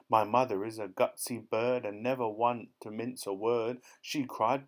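A man narrating an audiobook of rhyming children's poems, reading in a lively, bouncy rhythm. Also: mid-range voice, unhurried, few pauses. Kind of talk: reading rhyming verse aloud.

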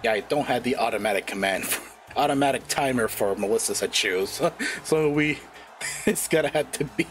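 A man's voice: mid-range voice, normal speed, faint music behind. A man hosting and commenting on a live-streamed wrestling show, rambling and laughing often at himself. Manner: giggly, rambling, self-deprecating, laughs often.

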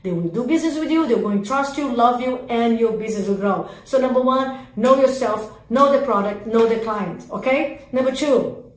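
A woman coaching real estate agents in an energetic sales training talk, speaking in emphatic, repetitive lists of commands. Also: fairly high pitch, normal speed, reverberant, poor audio.

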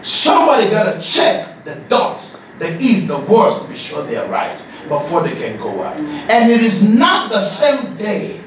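Speaking a little slowly with few pauses, a high-voiced leadership coach delivers an animated masterclass, cracking jokes, laughing and breaking into shouts. It was captured from afar in an echoey hall with background noise.

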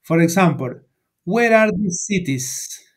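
A man leads a beginner English class in a call-and-repeat drill. His voice sits a little high, and he speaks slowly, stressing each word so students can echo it back. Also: expressive. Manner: enunciates each word for learners to repeat, rising on prompts. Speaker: English teacher.

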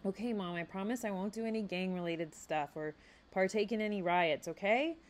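A woman's voice: medium pitch, normal speed, slight background noise, natural voice. A woman voicing a polite, easygoing teenage boy fox who talks casually. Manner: casual, apologetic.

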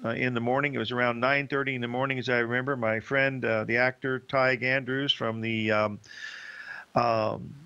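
A man's voice: mid-range voice, flat delivery, moderate pace, pushed and bright, clean tone, muffled recording. An older man hosting a market show, talking in a rambling, folksy way with many fillers. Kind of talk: casual market commentary and storytelling.

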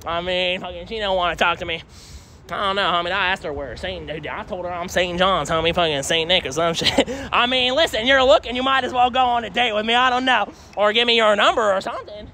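A man's voice: high-pitched, a little fast, bright, forceful tone. A young man live-streaming from city streets on his phone as he walks, rambling in heavy slang and swearing a lot. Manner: rambling slangy talk, heavy swearing, frequent "I don't know, homie". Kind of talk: casual live-stream vlog. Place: outdoors on city streets and a train station. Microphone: phone held while walking. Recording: faint street noise from outside.

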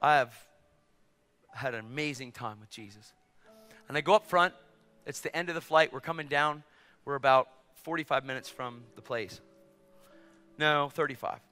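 A man preaching a storytelling sermon in a church or event hall, animated and swinging from hushed asides to shouts. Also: mid-range voice, moderate pace, pauses often, clear, resonant tone. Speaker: evangelist preacher. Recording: echoey hall with faint music.

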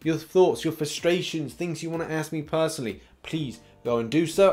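A man's voice: a little high, normal speed, darkish tone, faint music behind. A man hosting a casual gaming news show, rambling and laughing often, with a slight cough.

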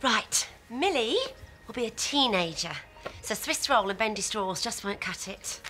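Brief: an exasperated, competitive mum, high bright voice with big swings. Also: female voice, lively intonation, measured pace, soft background music. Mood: scheming. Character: competitive mum planning her daughter's party.

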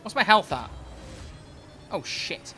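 Young guy yelling over a game stream, sharp bright voice, kinda high. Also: slow, a little hiss or hum. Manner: excitable, swears a lot, frequent outbursts. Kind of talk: live gameplay commentary. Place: home gaming setup at a desk.

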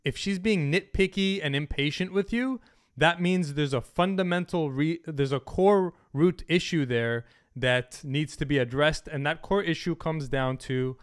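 A man's voice: on the high side, measured pace, clear, resonant tone. A man with a somewhat raised voice delivers a direct-to-camera advice monologue. He talks bluntly and with emphasis, and he swears freely as he hammers home each point. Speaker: dating coach.

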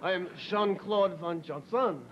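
A man's voice: high voice, unhurried, heavy background noise. A man playing a pompous, mocking French playboy villain in a comedy sketch, with a fake French accent. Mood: sneering. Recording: dull lo-fi TV audio with music.

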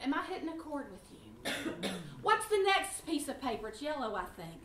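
A woman's voice: high voice, big pitch swings, moderate pace, fairly bright tone, roomy sound, far from the mic, slight background noise. A woman teaching a Bible class at church, speaking with passion and piling up clauses as she shares her own testimony. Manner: impassioned, piles up clauses with "and"; tells personal testimony with feeling. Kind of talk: Bible class lesson with audience questions.

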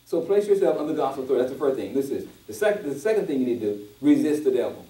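A man's voice: medium pitch, rapid-fire, slight background noise. A man preaching a conversational sermon to a responsive congregation, telling stories and acting out quoted voices in a casual dialect. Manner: animated storyteller who acts out quoted voices, casual dialect. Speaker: pastor. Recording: roomy church audio from a distance.

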